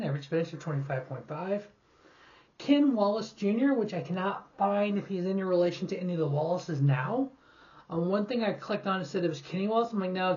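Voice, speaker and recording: A man hosting his own sports show, talking casually and rattling off statistics in quick lists. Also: high-pitched, darkish tone, highs cut off. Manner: rambling, reads stats in quick lists. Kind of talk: casual solo sports talk.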